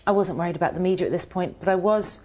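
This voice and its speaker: A woman being interviewed, telling a personal story in an earnest, halting way with many restarts. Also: lowish voice, a little mellow. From United Kingdom. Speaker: interview guest. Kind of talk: reflective personal account. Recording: muffled, dull audio.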